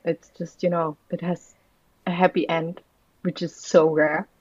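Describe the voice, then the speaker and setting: A woman's voice: lowish voice, level tone, measured pace, darkish tone. A woman guest on a podcast in casual chat, talking enthusiastically and trailing off. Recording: dull, dry lo-fi sound.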